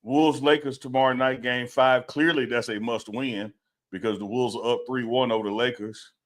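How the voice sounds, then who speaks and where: A man co-hosting a live sports talk stream, animated and exclamatory. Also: medium pitch, moderate pace. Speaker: co-host of a sports talk show.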